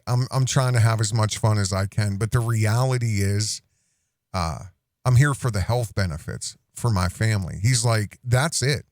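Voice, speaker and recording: A man's voice: mid-range voice, dry recording, clean studio sound. A middle-aged man hosting a reaction commentary show, mocking and sarcastic, breaking into laughs as he talks.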